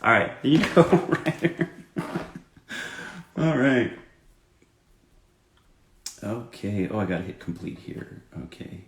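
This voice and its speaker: A man's voice: medium pitch, big pitch swings, slow, pauses often, echoey room, slight background noise. A male voice actor chatting casually while signing autographs, joking about his own drawing. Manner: self-deprecating, chats while drawing and writing. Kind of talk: live autograph-signing chat.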